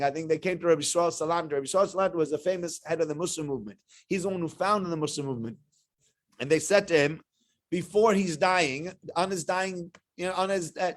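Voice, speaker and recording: High-voiced rabbi teaching Torah. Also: male voice. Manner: animated, full of rhetorical questions. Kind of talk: weekly Torah portion lecture.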